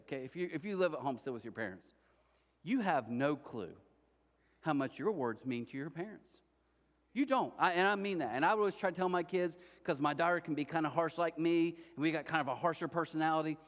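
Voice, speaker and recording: Middle-aged guy pastor preaching, kinda high voice, funny stories, talks right to the crowd, church hall reverb. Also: fast. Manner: lively humorous storytelling, addresses the congregation directly. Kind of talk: sermon. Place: church auditorium.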